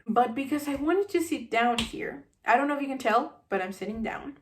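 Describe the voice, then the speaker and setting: Animated, ranty woman reviewing a book. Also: fairly high pitch. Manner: animated and sarcastic, acts out scenes.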